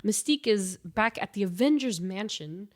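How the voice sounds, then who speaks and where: Co-host: stuffy-nosed woman, lively storyteller, laughs a lot, casual. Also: mid-range voice, normal speed. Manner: animated storytelling, laughs often. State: stuffy nasal. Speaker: podcast co-host. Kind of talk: casual chat.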